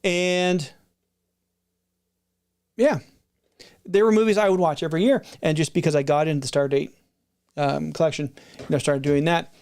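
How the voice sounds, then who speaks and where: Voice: medium pitch, steady tone, normal speed, long pauses, a little mellow. A middle-aged video creator chatting casually and unscripted, rambling with frequent restarts and asides. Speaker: video creator reviewing film releases.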